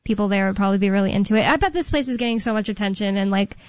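A woman co-hosting a radio show in casual chat, talkative and quick to laugh. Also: mid-range voice, dry recording. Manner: giggly, chatty, reads news aloud haltingly. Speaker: radio co-host. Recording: dull dry studio sound.

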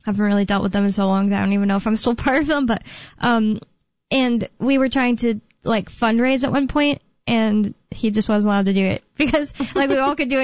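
A young woman hosting a talk radio show, chatting casually and rambling with fillers and quick asides. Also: fairly high pitch, dry recording. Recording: dull lo-fi radio sound.

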